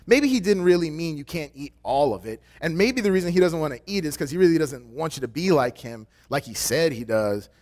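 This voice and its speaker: Animated, conversational man preaching. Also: brisk, hardly any pauses. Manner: animated, acts out quoted voices with big pitch swings; conversational, joking asides. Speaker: pastoral intern. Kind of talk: sermon.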